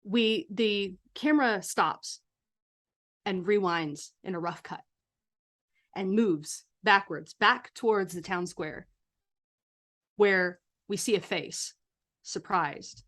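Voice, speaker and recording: A woman's voice: medium pitch, takes it slowly, pauses often, fairly bright tone. A woman narrating a horror tabletop game as game master, setting scenes like a film in a casual way.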